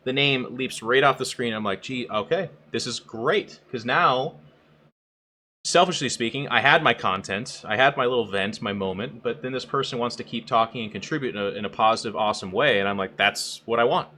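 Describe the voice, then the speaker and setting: Bright-voiced profane man in casual chat. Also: mid-range voice, brisk. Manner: blunt, profane, animated, acts out quotes in raised voice. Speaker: podcast co-host and streamer.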